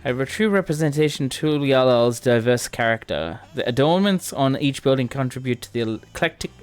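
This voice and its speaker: A man voicing Krile, a calm scholarly guide. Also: medium pitch, clear, resonant tone, faint music behind, close to an everyday voice. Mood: explaining. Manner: measured, explanatory reading.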